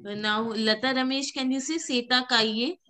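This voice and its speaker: Pitched high and speaking at a moderate pace, a female teacher leads a French pronunciation class. She repeats words patiently and corrects students gently.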